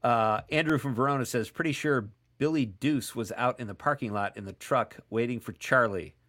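A man's voice: medium pitch, moderate pace, a bit bright. A man hosting a casual call-in radio show, chatting and joking as he reads listener texts aloud.

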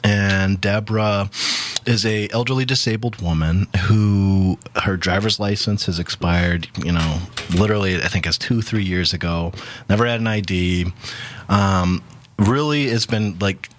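Low-voiced chatty man telling stories. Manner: quick, chatty, many fillers. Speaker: guest, voter ID coalition coordinator. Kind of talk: casual radio interview storytelling.

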